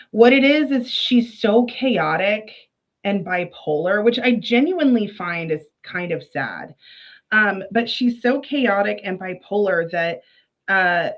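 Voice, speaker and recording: A woman's voice: medium pitch, muffled recording. A woman streamer giving casual, indignant commentary with frequent laughs. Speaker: streamer reacting to a clip.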